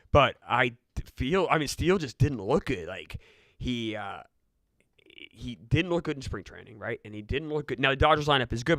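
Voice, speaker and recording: Hoarse fast-talking man talking picks. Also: mid-range voice, fairly bright tone, dry recording. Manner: quick, ribbing, says his pick of the day. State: voice shot, hoarse. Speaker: sports betting show host. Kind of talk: casual sports banter.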